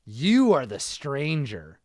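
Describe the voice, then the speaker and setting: A man's voice: mid-range voice, sing-song, slow, a little mellow, dry recording, studio quality. A man doing a barking thug with a put-on Spanish accent. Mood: hostile. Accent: attempted Spanish, slipping toward Italian. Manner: barking, contemptuous. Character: hostile male henchman in a suit.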